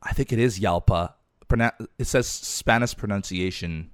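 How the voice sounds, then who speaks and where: A man's voice: lowish voice, moderate pace, clear, resonant tone, no room sound, studio quality. A man hosting a podcast, chatting casually about cars and rambling a little with fillers. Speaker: podcast host. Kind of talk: casual car chat.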